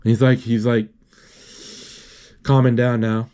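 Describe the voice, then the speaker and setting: A man retelling a film scene by scene in an unscripted, halting way, with many restarts and spoken sound effects. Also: medium pitch, flat delivery, warm tone, smooth, muffled recording.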